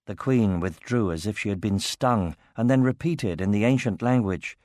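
A man narrating a fantasy novel in a steady, measured reading voice. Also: on the low side, no echo, studio quality.

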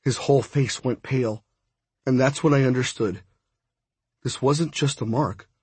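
A man reading a first-person audiobook in a measured, steady way. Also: medium pitch, slightly rough, dry recording. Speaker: audiobook narrator.

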